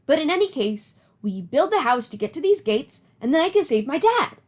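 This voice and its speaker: A woman's voice: extremely high pitch, unhurried, voice pushed up, full character voice. A woman doing an eager young boy hero. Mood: excited. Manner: breathless, excited boyish eagerness.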